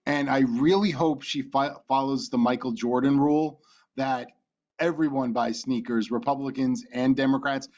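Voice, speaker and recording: A man's voice: medium pitch, steady tone, normal speed, darkish tone. A man from Virginia co-hosting a podcast in casual chat, laughing often and talking with many fillers. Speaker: podcast co-host. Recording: dull lo-fi podcast audio.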